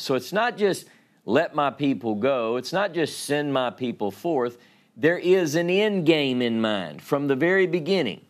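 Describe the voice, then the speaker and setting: A man with a Louisiana drawl gives a Sabbath Bible teaching at an unhurried, measured pace. He reads scripture passages aloud and pauses to explain the Hebrew words. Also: medium pitch, expressive. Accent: Southern US, Louisiana.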